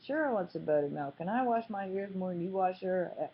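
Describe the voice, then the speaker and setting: A woman's voice: fairly low pitch, lively intonation, fairly quick, a little hiss or hum. A woman reading a cheeky, teasing farm boy. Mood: sassy. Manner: teasing, sassy. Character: cheeky teenage boy, teasing his sister. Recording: slightly muffled, dull audio.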